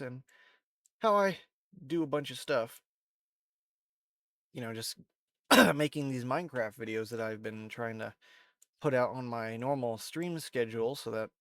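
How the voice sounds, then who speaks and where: A video creator stuffy with allergies, sniffling and coughing, rambles through a casual screen-recorded tutorial at home, often correcting himself. His medium-pitched voice is nasal and congested, relaxed in manner, and captured through a desk microphone with clean studio sound and no room sound.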